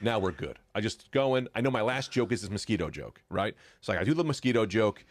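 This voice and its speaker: A man, a comedian guest on a podcast, telling a long story in an animated, profane way. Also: on the low side, fast talker, dry recording.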